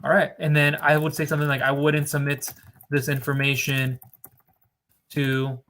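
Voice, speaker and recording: A man's voice: fairly high pitch, completely flat delivery, a bit bright. A man talks straight to his viewers about business funding in an emphatic, lecturing way. He leans hard on key words and stretches them out to drive the point home. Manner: emphatic, lecturing, drawn-out stresses. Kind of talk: direct-to-camera advice monologue.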